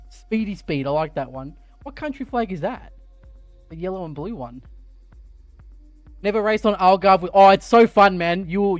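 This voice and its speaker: An Australian man chatting on a live stream while sim racing, thinking out loud and getting excited. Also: high voice, dry recording. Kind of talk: live-stream gaming chat. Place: home sim racing rig.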